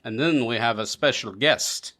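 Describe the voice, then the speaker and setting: A man hosting a casual podcast chat, jokey and animated, his pitch jumping up when he gets excited. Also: normal speed. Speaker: podcast host.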